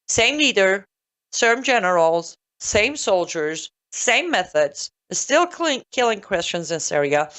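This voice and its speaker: Woman host, solo commentary, punchy and sarcastic, wide pitch swings, talks straight to the audience. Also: lively intonation, measured pace, a bit bright. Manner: sarcastic, emphatic, addresses listener directly.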